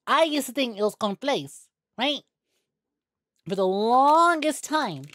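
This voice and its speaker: A young woman streaming a game, chatting casually with viewers, excitable and quick to swear. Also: high voice, no echo, studio quality. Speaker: VTuber streamer. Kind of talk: casual gameplay stream chat.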